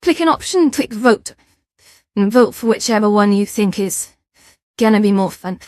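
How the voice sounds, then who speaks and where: A woman's voice: medium pitch, animated, moderate pace, darkish tone, dry recording, clean studio sound. A woman streaming from a VR game, chatting casually with her viewers, self-mocking and lightly swearing. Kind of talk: casual live-stream chat.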